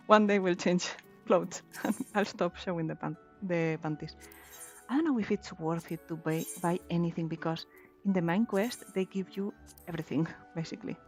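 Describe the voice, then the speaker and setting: A woman's voice: on the low side, normal speed, darkish tone, faint music behind. Giggly woman chatting while gaming. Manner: giggly, chatty, thinking aloud. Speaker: streamer. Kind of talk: casual game stream commentary.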